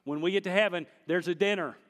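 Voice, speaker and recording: A man preaching a sermon, swinging between hushed and loud passages. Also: high voice, fast talker, long reverb tail. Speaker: pastor.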